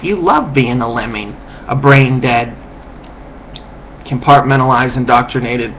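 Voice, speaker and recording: A man's voice: mid-range voice, a little slow, long pauses, a bit bright, a little hiss or hum, poor audio. A man delivering a profane, contemptuous ranting monologue as a vlogger, lecturing his viewers.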